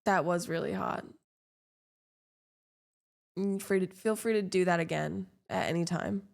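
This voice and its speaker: A woman's voice: fairly low pitch, unhurried, vocal fry. A young woman, chatting casually with her stream while gaming, rambling and self-deprecating with lots of fillers.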